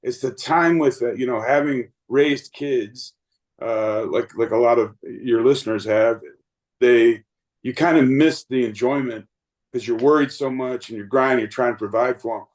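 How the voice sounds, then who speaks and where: A man's voice: medium pitch, normal speed, low-quality recording. A man in his late fifties, a baseball umpire guest, telling earnest, rambling stories with many fillers and restarts. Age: 50s. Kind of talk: reflective storytelling interview.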